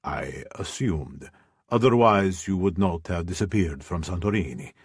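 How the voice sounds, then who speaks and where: Narrator doing a calm, menacing mafia heavy, very low voice, audiobook. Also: male voice, measured pace, breathy edge, no room sound, studio quality, full character voice. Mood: cool. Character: big intimidating Italian mafia man, calm.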